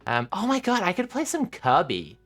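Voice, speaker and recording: A woman streamer chatting casually with her viewers, animated and giggly, rambling with lots of filler sounds. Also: lowish voice, normal speed. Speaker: live streamer.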